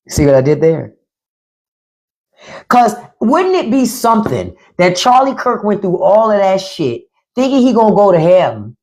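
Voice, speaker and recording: A woman's voice: medium pitch, very animated, normal speed, a little mellow. Blunt, profane woman livestream host. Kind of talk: casual livestream chat.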